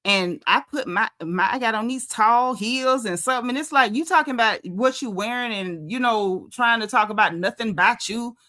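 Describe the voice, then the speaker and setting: A young woman, recapping reality TV in casual commentary, sassy and animated, acting out the quotes. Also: fairly high pitch, moderate pace, hardly any pauses.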